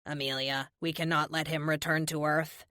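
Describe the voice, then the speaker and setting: A composed, formal AI assistant from a superhero audiobook, voiced by a woman. It answers in precise, measured sentences with a touch lower pitch than her narration. The sound is dry and close. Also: level tone, sharp tone, dry recording. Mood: calm.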